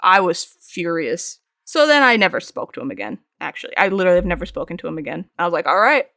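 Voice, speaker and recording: A woman's voice: fairly low pitch, fast, gravelly, no room sound, studio quality. A woman in her thirties streaming while she paints, chatting casually and telling stories, acting out the lines of the people in them and laughing often. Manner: animated storytelling, acts out quoted lines, frequent laughs. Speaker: art streamer.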